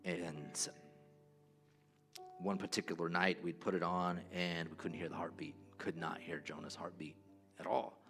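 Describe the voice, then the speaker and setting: A pastor preaching a sermon in a church, telling a personal story in an earnest way. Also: male voice, sits low, flat delivery, a little slow, vocal fry, a bit bright, faint music behind.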